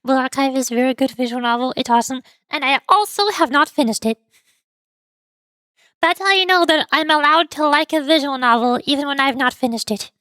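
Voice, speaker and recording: A woman's voice: high voice, a little fast, pushed and bright, no room sound, clean studio sound. A young woman streamer chatting casually and rambling, giggling often and stumbling over her words.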